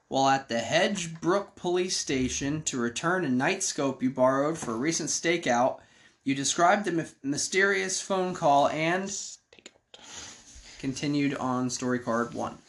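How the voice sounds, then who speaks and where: A man's voice: on the high side, measured pace, fairly bright tone. A man reading a choose-your-own-adventure card game aloud to friends, breaking off for joking asides. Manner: joking asides between read passages. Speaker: game reader.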